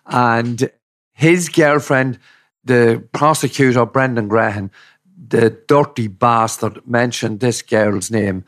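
A man's voice: mid-range voice, steady tone, slow pace. A middle-aged man, a campaigning father telling his case in an interview, emphatic and indignant. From Ireland. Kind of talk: podcast interview.

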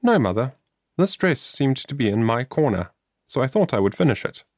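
An earnest, devout young woman from a storybook, as a man reading aloud puts her on, in a lifted, sincere voice. The reading has a lively lilt, and the audio is dry and close. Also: medium pitch, normal speed, no echo, voice pushed up.

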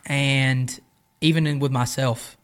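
A man talking casually on a podcast about coaching and training, relaxed and rambling with a self-deprecating manner. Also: mid-range voice, takes it slowly, clean tone. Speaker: podcast guest, jiu-jitsu coach. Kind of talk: casual chat.

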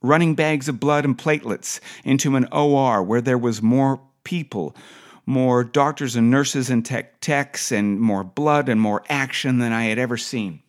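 A man's voice: medium pitch, unhurried. A middle-aged man reading his own personal essay for a podcast in a dry, wry storytelling manner.

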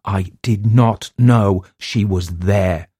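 A man voicing the ghost of a woman teacher, pleading slowly in grief. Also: on the low side, dark tone, husky, no echo, studio quality. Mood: grieving.

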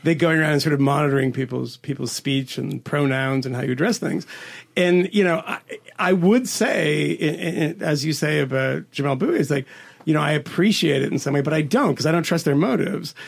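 A man's voice: a little high, a little fast, creaky. A man hosting a podcast, rambling through casual political talk with lots of hesitant restarts. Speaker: podcast host.

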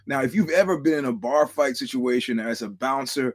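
Talking a little fast with few pauses, a middle-aged podcast host with a husky, mid-range voice rambles through stories in a casual monologue. He swears freely and keeps restarting his sentences.

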